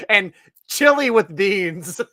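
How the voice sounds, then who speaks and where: Bright, joking man hosting a podcast. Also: high-pitched, no room sound, clean studio sound. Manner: jokey, laughs a lot, announcer-style guest intros. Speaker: podcast host. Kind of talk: casual chat.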